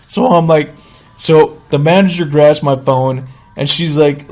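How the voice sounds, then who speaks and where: A man in his thirties hosting a podcast, telling a comedic story in an exasperated, animated way and mimicking the people in it. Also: on the high side, moderate pace, soft background music. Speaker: podcast host.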